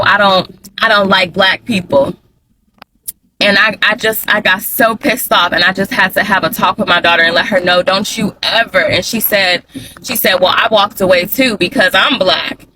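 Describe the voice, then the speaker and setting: A fired-up woman, venting straight to the camera in a personal vlog. Her voice is bright and forward, and she repeats words to hammer her points home. A faint hiss sits under the recording. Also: mid-range voice, poor audio. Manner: heated, blunt, emphatic, repeats for emphasis. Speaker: mother vlogger.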